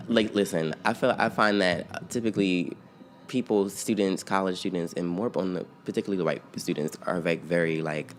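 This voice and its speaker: A young man with a very deep, low-pitched voice talks through a casual sit-down interview. He rambles in a relaxed way, stacking fillers and restarts, and often breaks into laughter mid-story. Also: normal speed, a little hiss or hum. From outskirts of Philadelphia. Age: young adult. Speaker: interview guest, singer-songwriter and producer.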